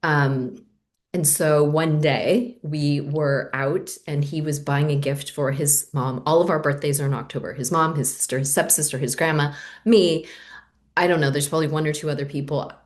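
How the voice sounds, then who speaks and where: Low-voiced middle-aged woman, podcast guest, animated storytelling, acts out the quotes. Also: moderate pace. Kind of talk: candid storytelling in conversation.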